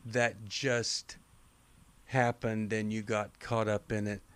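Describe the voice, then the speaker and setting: A man hosting a call-in advice show, calm and measured, coaching a caller slowly and deliberately. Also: lowish voice, clean tone. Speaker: radio show host.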